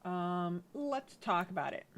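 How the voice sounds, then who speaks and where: A woman's voice: on the low side, lively intonation, slow pace, fairly bright tone. A woman casually narrating her life-sim let's-play, chatty and rambling with many fillers. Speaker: game streamer.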